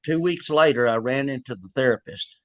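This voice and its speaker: An older police sergeant, telling folksy stories in an interview and acting out both sides of past conversations. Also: male voice, mid-range voice, brisk, a bit bright, muffled recording. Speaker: police sergeant and child abuse investigator. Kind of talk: storytelling in an interview.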